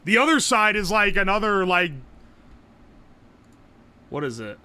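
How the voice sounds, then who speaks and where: A young man, chatting casually on a live stream, loud and joking, swearing often and laughing a lot. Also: high voice, big pitch swings, measured pace, clear, resonant tone. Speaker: livestreamer.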